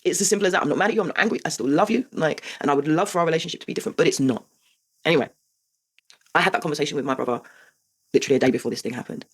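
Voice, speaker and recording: Host, woman, 40s, rapid and emphatic confessional delivery. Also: low-pitched. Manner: emphatic and heartfelt, swears, asks rhetorical "right?". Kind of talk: personal confessional monologue.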